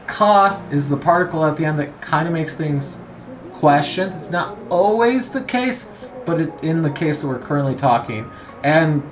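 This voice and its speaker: Slow, relaxed man teaching a lesson. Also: fairly high pitch, a little hiss or hum. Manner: relaxed and explanatory, many "uh"s and pauses. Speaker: Japanese language teacher. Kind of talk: casual spoken lesson.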